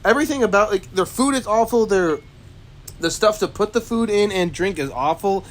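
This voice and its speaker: A man co-hosting a casual chat who rambles through exasperated complaints. His fairly high voice swings widely in pitch. He keeps restarting and adding "like". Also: expressive, moderate pace. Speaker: co-host.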